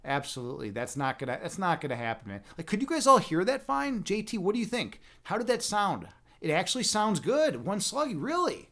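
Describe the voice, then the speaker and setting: A playful man chats with his viewers on a live stream, talking close to the microphone. His voice sits a little high and swings around with animated intonation. He often trips over his words and restarts them, and he laughs at himself. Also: a little fast. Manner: chatty, restarts and repeats words. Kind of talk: casual chat with viewers.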